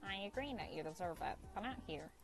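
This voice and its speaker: A gentle, nerdy young man speaks in an earnest, soft manner, as a woman puts him on. His voice sits a little low, with clear background music under it. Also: animated, quick pace, rough recording. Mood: tender.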